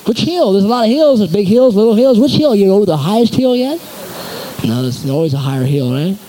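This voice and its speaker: A man preaching a sermon as pastor to his congregation, animated and exhorting, in a church. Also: sits high, fairly quick, rough recording.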